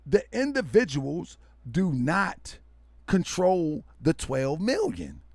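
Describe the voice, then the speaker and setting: A loud, hyperactive man hosting a livestream, talking to his viewers as family and repeating himself for emphasis. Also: high-pitched, very animated, takes it slowly, no echo. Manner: preachy, calls listeners family. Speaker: online show host.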